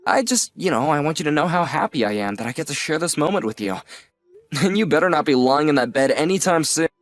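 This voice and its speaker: A man playing a sincere young man who teases his aunt gently and thanks her earnestly. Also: fairly high pitch, big pitch swings, a little fast, faint music behind. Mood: heartfelt. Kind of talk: audio drama acting.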